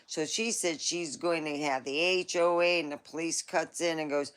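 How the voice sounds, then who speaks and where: A woman's voice: sits low, steady tone, normal speed, hardly any pauses, a bit bright, smooth. A woman hosting a live stream, chatting casually in a rambling, folksy storytelling way.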